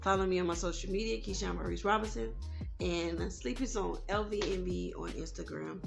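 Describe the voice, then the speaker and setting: A woman vlogger talking candidly in a casual advice vlog, growing loud and heated as she rants. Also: lowish voice, fairly quick, gravelly, over music. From United States. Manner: candid, animated, rising to loud outbursts when ranting.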